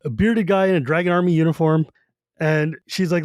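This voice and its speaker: A man's voice: on the high side, fairly even intonation, a little fast, darkish tone, clean tone, no echo, clean studio sound. A man co-hosting a podcast, chatting casually about a book and acting out its characters as he retells it. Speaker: podcast co-host.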